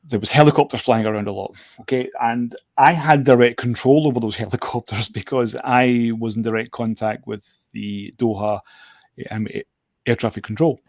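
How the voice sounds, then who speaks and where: A man's voice: medium pitch, steady tone, moderate pace, a little mellow, dry recording. A man, a guest drone show operator, telling stories in casual chat, often repeating his words and laughing as he talks.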